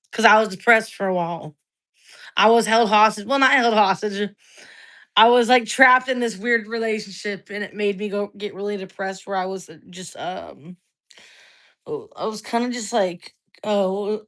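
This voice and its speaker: Woman, 30s, bright and forceful tone; rambling, foul-mouthed, confessional livestream talk. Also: mid-range voice, normal speed. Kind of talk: casual livestream monologue.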